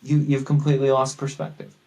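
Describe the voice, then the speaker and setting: A man talking as a guest on a podcast about his writing, thoughtful and animated, often poking fun at himself. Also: medium pitch, brisk, rough recording. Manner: thoughtful, animated, self-deprecating. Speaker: guest author. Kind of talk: casual interview chat.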